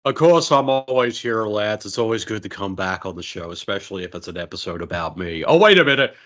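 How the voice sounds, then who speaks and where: An Australian man doing a deadpan impression of a famous male film actor. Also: fairly low pitch, a little fast, dull audio. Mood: smug.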